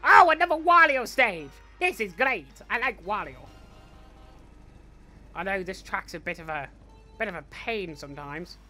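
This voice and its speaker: A man's voice: sits high, animated, measured pace, long pauses, sharp tone, soft background music, full character voice. A man voicing a cocky, greedy young male villain, chatting boastfully through in-character gameplay commentary. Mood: playful. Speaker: fan voice actor playing a character.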